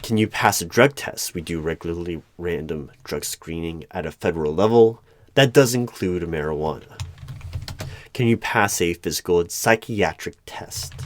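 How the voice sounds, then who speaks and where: A man playing a secretive, deadpan male hiring manager of a secret bureau, asking formal, bureaucratic interview questions in a one-sided audio role-play. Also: sits low, slight background noise. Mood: businesslike.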